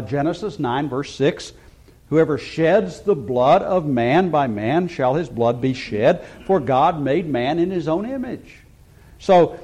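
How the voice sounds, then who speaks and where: Preacher man with a higher voice. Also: darkish tone. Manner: expository preaching with frequent restarts and emphatic quotes. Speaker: pastor. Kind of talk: sermon.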